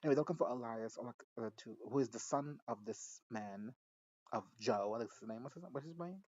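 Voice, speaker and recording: A man at a home microphone talks through a TV episode in a loose, rambling way. He swears freely, giggles often and trips over his own sentences. The sound is a little muffled and lo-fi, and his pitch sits in the middle. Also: a little fast, dark tone. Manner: rambling, profane, giggly, self-interrupting. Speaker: show recap reviewer. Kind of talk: casual recap and reaction.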